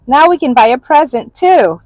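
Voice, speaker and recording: A woman's voice: high-pitched, animated, normal speed, a little mellow, no echo, pitched above the performer's own voice. A woman voicing a practical young girl in a storybook, speaking in a marveling, planning way. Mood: pleased.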